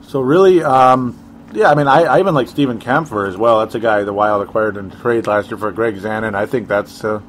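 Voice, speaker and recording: A man's voice: on the low side, brisk, a little hiss or hum. Chatty man co-hosting a hockey show. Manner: rambling, chuckling, sarcastic asides. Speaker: co-host of a sports talk show. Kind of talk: casual sports chat.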